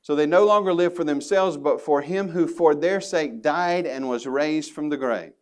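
A man's voice: fairly high pitch, normal speed. Male pastor, earnest emphatic sermon delivery with folksy asides. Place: church sanctuary.

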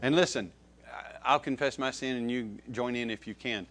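A man preaching a sermon, who stresses key words loudly, then drops to soft, low asides and repeats phrases to his listeners. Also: moderate pace, slight background noise. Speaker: pastor.

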